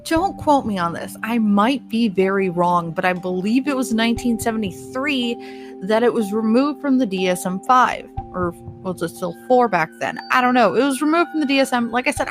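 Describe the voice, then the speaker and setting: Over music, a woman delivers a blunt solo podcast rant at normal speed, full of swearing and laughter at her own remarks. Her voice runs slightly high and is expressive.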